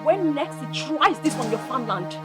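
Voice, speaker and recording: A furious, tearful young daughter, her very high voice leaping wildly as she shouts in scorn at her father. Clear film music plays underneath. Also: very animated, normal speed. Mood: defiant.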